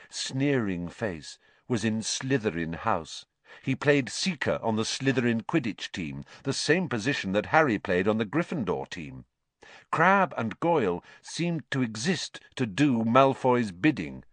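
A man narrating a storybook in an expressive, dramatic way. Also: fairly low pitch, no room sound. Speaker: audiobook reader.

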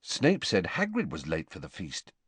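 A man's voice: low voice, wildly swooping pitch, normal speed, husky, no echo, heavily acted. Harry, a curt guarded teen boy, read by a man. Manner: curt, evasive. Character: guarded teenage boy, terse.

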